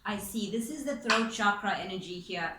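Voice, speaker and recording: A woman's voice: mid-range voice, lively intonation, normal speed, sharp tone. A woman giving a casual spoken tarot reading as its reader, chatty and informal, with the odd swear word. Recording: echoey room with faint ambience.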